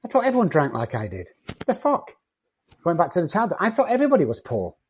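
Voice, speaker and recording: A cocky, loud-mouthed man who swears freely and doesn't soften anything. His voice is husky, and the recording is a little dull and lo-fi. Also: on the high side, wildly swooping pitch, racing. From not from England. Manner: profane, cocky and confrontational. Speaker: addiction treatment company owner. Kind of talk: blunt podcast conversation.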